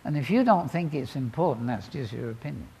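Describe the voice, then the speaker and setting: A man preaching a sermon, telling the story dramatically and swinging between loud exclamations and quiet asides. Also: medium pitch, animated, brisk, breathy edge.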